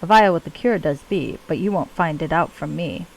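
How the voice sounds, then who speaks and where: A woman's voice: deep voice, normal speed, gravelly, rough recording. Woman doing a mad rhyming cultist man. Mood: sing-song. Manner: speaks in singsong rhymes with broken grammar. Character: mad rhyming male cultist, broken grammar.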